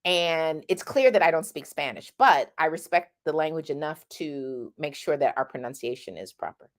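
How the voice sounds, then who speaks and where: A woman's voice: deep voice, animated, moderate pace. A middle-aged woman giving a chatty singing lesson, often checking in with "right?" and demonstrating sounds. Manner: demonstrates sounds mid-sentence. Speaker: singing teacher. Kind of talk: casual vocal lesson.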